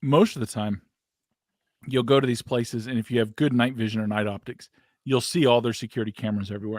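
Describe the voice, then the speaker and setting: A man's voice: medium pitch, fairly even intonation, fast talker, no echo, clean studio sound. A man co-hosting a casual paranormal podcast chat, joking, laughing often and swearing. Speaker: co-host.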